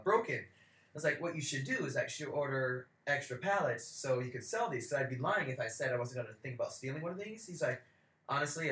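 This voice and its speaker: Animated, profane young man telling stories. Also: fairly high pitch. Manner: animated, profane, acts out quoted voices. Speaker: podcast co-host. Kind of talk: casual storytelling chat. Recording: roomy echo.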